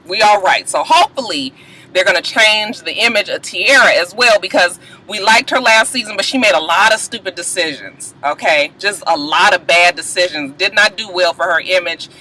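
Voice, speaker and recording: A woman vlogger recapping a reality show in a casual, profane, animated way. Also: on the low side, normal speed, low-quality recording.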